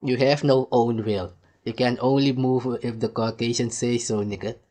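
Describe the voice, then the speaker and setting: A man's voice: medium pitch, steady tone, moderate pace, warm tone. A man giving ranting video commentary on a clip, mocking and scornful, laughing between his jabs.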